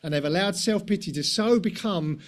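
Man, high voice, middle-aged, conversational sermon, rhetorical questions, tag questions. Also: normal speed. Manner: rhetorical questions and tag questions, self-deprecating asides. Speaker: preacher.

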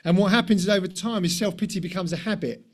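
A man's voice: sits high, fast talker. A middle-aged man preaching a conversational sermon, posing rhetorical questions and tag questions, with the odd self-deprecating aside.

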